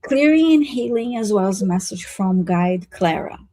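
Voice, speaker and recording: A woman with a mellow, slightly husky voice talks slowly and easily on a live reading stream, laughing often between her words. Her voice is close and dry. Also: medium pitch, lively intonation, no room sound, poor audio. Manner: giggly and easygoing, laughing often between phrases. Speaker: psychic reader co-hosting a live reading stream. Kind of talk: casual live-stream chat.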